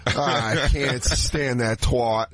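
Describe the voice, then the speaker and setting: A man's voice: medium pitch, fairly even intonation, extremely slow, a bit bright, no room sound. A man in his thirties co-hosting a podcast, trading crude jokes in casual comedic chat. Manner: crude, joking banter. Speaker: podcast co-host.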